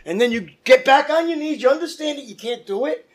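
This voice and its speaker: A man's voice: extremely high pitch, expressive, fairly quick. A man preaching a fervent sermon as pastor, calling out to his congregation. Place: church.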